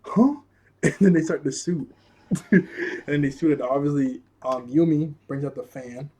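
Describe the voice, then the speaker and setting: A man's voice: fairly high pitch, steady tone, moderate pace, noisy background. A young man casually recapping a cartoon episode, laughing often and talking in loose slang with lots of fillers.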